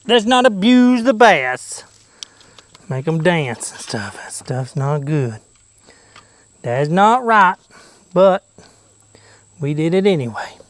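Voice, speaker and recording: Out on a boat, a goofy fishing vlogger offers casual commentary in a high, sing-song voice. He takes it slowly with long pauses, chatty and silly, slipping into whispers and goofy sing-song noises.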